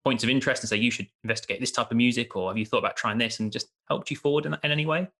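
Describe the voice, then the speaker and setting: A male podcast host asking long, hedging questions. His voice is gravelly with lots of fry, bright and tense, and he talks fast. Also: medium pitch. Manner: hedging, many fillers like "sort of". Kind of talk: interview hosting.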